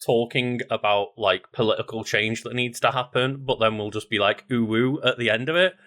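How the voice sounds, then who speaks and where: A man co-hosting a podcast, talking in a relaxed, rambling way with many fillers. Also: mid-range voice, brisk. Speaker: podcast co-host. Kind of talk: casual chat.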